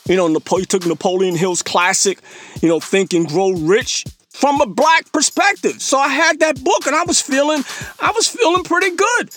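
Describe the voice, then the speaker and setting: A man's voice: very high-pitched, expressive, normal speed, fairly bright tone, faint music behind. A man hosting a podcast, telling stories in a casual, slangy way, acting out his own past remarks and laughing at himself. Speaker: podcast host. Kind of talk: casual storytelling monologue.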